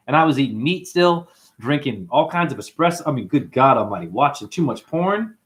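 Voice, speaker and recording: A man's voice: medium pitch, fairly quick. A man hosting a livestream, chatting in a rambling way, answering comments and swearing freely as he tells stories. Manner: excitable, profane, rambling storyteller. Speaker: livestream host.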